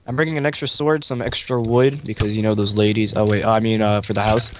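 A man's voice: fairly low pitch, fairly even intonation, fast, a little hiss or hum. A man joking and rambling in casual chat while playing a video game with friends. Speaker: gamer.

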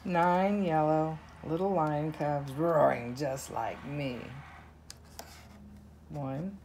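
A woman with a lowish voice reads a children's counting book aloud at an unhurried, gentle pace. She counts softly, and a faint hiss sits in the background. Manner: slow, soft counting. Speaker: narrator.

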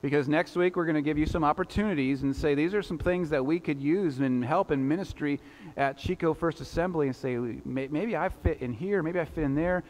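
A man's voice: a little high, fairly quick, a little mellow. A male pastor preaching a sermon in a conversational style, with rhetorical asides to the congregation. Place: church sanctuary. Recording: long church reverb.

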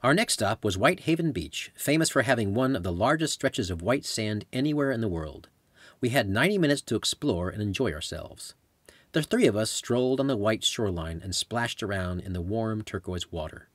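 A man's voice: fairly low pitch, slightly rough, no echo. A man narrating his own travel memoir as an audiobook, in a conversational storytelling manner. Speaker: author and narrator.

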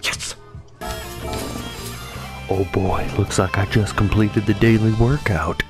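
A man giving casual gameplay commentary as a gaming channel host, excitable and swearing, swinging from muttered whispers to loud whoops. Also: lowish voice, takes it slowly. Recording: voice over loud game music. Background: game music.

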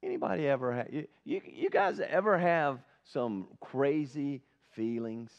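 A man's voice: medium pitch, very animated, a little slow, creaky. A male pastor giving an earnest, conversational sermon at a church service, often asking the congregation questions. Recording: dull lo-fi sermon recording.

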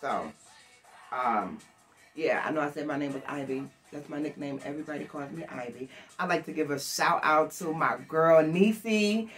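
Older woman vlogger, lively up-and-down voice, animated and chatty, from Buffalo, faint music behind. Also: low-pitched, normal speed. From Buffalo, New York. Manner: chatty, animated, addresses viewers directly. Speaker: thrift haul vlogger. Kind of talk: casual chat to camera. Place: at home, alone. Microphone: camera.

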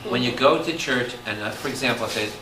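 A man, a Catholic priest, teaching a lively Bible study, firing questions at his listeners and breaking into loud exclamations. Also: mid-range voice, brisk. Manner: animated, quizzes the audience with constant questions, bursts into loud exclamations. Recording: echoey room, distant mic, audible background noise.

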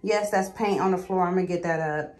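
A woman's voice: on the low side, fairly even intonation, brisk, a little mellow. A young woman vlogging casually from her bathroom at home, filming on a phone and chatting to viewers as "y'all".

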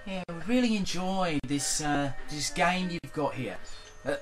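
A man's voice: on the high side, animated, measured pace, music in the background. A man voicing a mock-polite gangster, sinister and smarmy.

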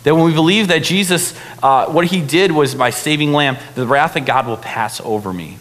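A man's voice: a little high, moderate pace. Casual young man preaching in a reverberant hall. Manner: casual, animated preaching with many fillers. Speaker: pastor. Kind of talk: sermon. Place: church hall.

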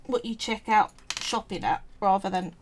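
A woman's voice: medium pitch, normal speed, a little hiss or hum. A woman with a Cockney accent, talking chattily through a craft tutorial at home, thinking aloud as she works. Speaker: polymer clay crafter and streamer.

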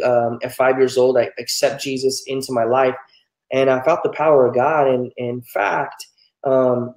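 Earnest pastor in a roomy space. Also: male voice, medium pitch, darkish tone. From New Mexico, United States. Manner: candid, earnest storyteller. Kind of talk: telling his life story in an interview.

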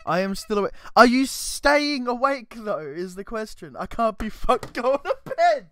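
A man's voice: extremely high pitch, very animated, a little slow, a bit bright, a little hiss or hum. A man streaming a video game, commenting casually, swearing and joking at a desk microphone. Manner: swearing, joking, laughing to himself.

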